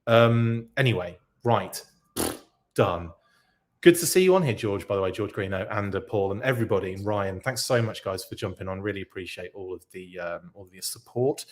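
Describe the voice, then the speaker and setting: A man's voice: low-pitched, fairly even intonation, moderate pace. A man hosting a live podcast stream, chatting casually and reading out viewer comments in a rambling, self-interrupting way. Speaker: podcast host reacting live.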